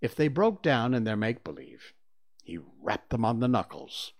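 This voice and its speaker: A man reading a classic children's story aloud, expressive and animated. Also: mid-range voice, moderate pace. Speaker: narrator.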